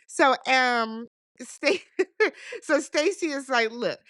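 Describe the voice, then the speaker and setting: A woman hosting a casual recap channel, chatty and sassy, quick to laugh. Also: high voice, expressive, fairly bright tone, dry recording, studio quality. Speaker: host.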